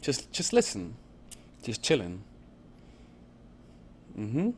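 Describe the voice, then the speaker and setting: A man's voice: medium pitch, wildly swooping pitch, extremely slow, a little mellow, a little hiss or hum. Casual, profane male dating coach. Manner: conversational, repetitive check-ins, profane. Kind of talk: casual instructional talk.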